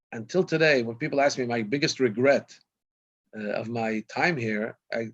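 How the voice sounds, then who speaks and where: A man in his fifties, a rabbi, telling anecdotes in a rambling storytelling way, with many restarts and self-corrections, on a video call. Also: medium pitch. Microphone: video call microphone. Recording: dull lo-fi video call audio.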